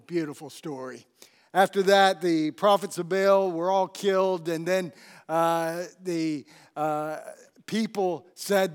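A man preaching a sermon, telling a scripture story with animated storytelling and asking the congregation questions. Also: sits high. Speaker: pastor.

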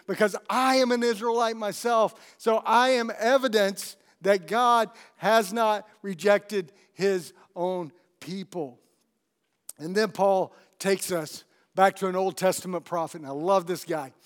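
A man with a high-pitched voice preaches a sermon. He tells the story with animated energy and turns to ask his congregation questions. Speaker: pastor.

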